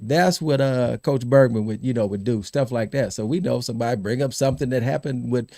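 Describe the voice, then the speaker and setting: A middle-aged man hosting a podcast, telling lively stories about his college team, laughing and repeating himself as he goes. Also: mid-range voice, a little fast, no room sound, studio quality. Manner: animated storyteller, laughs and repeats words. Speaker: podcast host. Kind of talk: casual storytelling chat.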